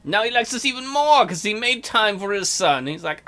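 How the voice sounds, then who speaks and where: A man's voice: high-pitched, expressive, normal speed, bright, forceful tone. A man hosting a strategy game let's play with casual, crude, joking commentary.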